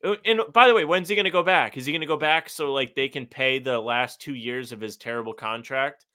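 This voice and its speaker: A man's voice: medium pitch, a little fast, pushed and bright. A man co-hosting a sports podcast, chatting casually in a blunt, sarcastic, profane way. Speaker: podcast co-host.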